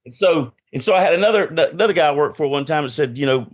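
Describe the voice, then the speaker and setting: A man's voice: on the high side, expressive, quick pace. A middle-aged man with a Southern US accent, a guest in a casual podcast interview on a video call, talking in a direct, confident way and telling stories. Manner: direct, confident, storytelling with quoted dialogue. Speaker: guest, enterprise salesperson.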